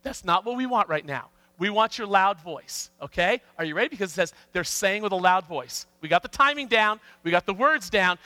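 High, bright-voiced male pastor preaching. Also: normal speed, few pauses, dry recording, in a large hall. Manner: animated, coaxing congregation to respond. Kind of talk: sermon. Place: church sanctuary.

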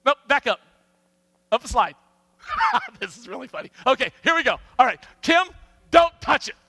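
Male pastor, high voice, bright tone, dry close sound, animated sermon. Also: normal speed, dry recording, in a large hall. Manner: animated, coaxing congregation to respond. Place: church sanctuary.

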